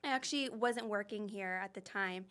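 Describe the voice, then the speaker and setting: A woman's voice: mid-range voice, moderate pace, a bit bright. A young woman just starting out as an esthetician, reflective and chatty in a casual podcast conversation. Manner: reflective, chatty with many fillers. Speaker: podcast co-host, new esthetician.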